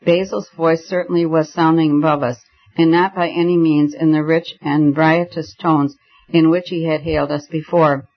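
A man reads a novel aloud in first person with a measured, storytelling delivery. His voice is fairly high for a man. The recording is a little dull and lo-fi. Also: little pitch movement. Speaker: audiobook reader.

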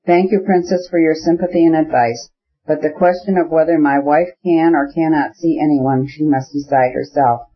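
A man's voice: fairly high pitch, fairly even intonation, normal speed, close to an everyday voice. A man reading the part of a stiff, dignified older official husband in an audiobook, speaking formally and coldly. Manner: formal, frigid. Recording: dull lo-fi audiobook recording.

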